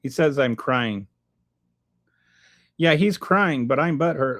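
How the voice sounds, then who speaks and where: A man's voice: medium pitch, takes it slowly, fairly bright tone. A man hosting a live stream, reading chat aloud and answering with sarcastic, rambling commentary full of restarts.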